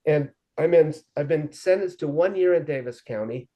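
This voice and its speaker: A man in his forties with a mellow, warm tone, telling his life story in an earnest, lively way. He slips into quoted dialogue as he recounts events for an interviewer. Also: on the high side, moderate pace. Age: 40s. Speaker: guest sharing his recovery story. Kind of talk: conversational storytelling.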